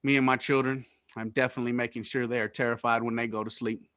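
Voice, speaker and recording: A man, doing loud, profane stand-up on a video call and laughing through his stories. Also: medium pitch, flat delivery, quick pace, clear, resonant tone. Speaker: comedian.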